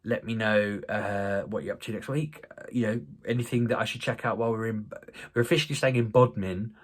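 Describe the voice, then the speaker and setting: Fairly quick and fairly even in intonation, his voice sits on the low side. He's a vlogger speaking casually to camera, rambling, putting himself down and restarting often.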